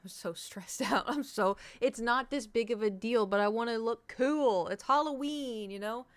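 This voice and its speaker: A woman's voice: on the high side, normal speed. A woman streamer, rambling in casual chat to her viewers and cursing now and then. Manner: rambling, restless, swears casually.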